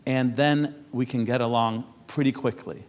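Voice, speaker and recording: A European man speaks conversationally to an audience on a public panel, telling anecdotes with frequent laughs and repeated words. His voice is medium-pitched with fairly even intonation at a moderate pace.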